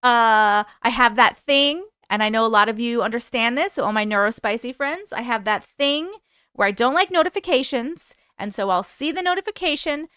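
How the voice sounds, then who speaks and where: A woman's voice: a little high, lively intonation, sharp tone, smooth, dry recording, studio quality. A young woman hosting a livestream, chatting casually and giggling as she reads out viewer comments. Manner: chatty, giggly, quickly distracted. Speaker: livestream host.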